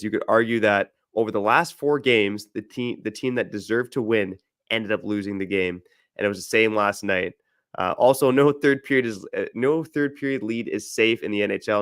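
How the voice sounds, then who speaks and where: A man hosting a sports podcast in a relaxed, chatty way. His voice sits low with a gravelly edge. The sound is dry and close to the mic. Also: brisk, no room sound. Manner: easygoing, reads ad copy, filler-heavy. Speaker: podcast host. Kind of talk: casual sports podcast chat.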